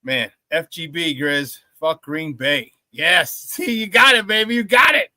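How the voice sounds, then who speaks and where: A man hosting a live sports talk show, talking to the chat with loud, excitable, high-energy hype. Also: unhurried, no echo. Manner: shouts catchphrases, loud and excitable.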